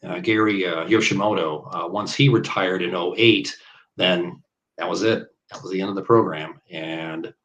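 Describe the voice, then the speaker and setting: Deep-voiced rambling Midwestern man. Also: fairly even intonation, moderate pace, a bit bright, dull audio. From Iowa, US Midwest. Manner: rambling, full of fillers and tangents. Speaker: guest bowler. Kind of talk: casual interview chat.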